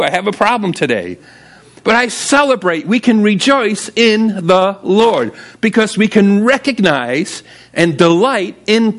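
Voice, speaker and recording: A man preaching a sermon in a church, animated, asking the congregation for amens and breaking into sudden shouts. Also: high-pitched. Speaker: pastor. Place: church sanctuary.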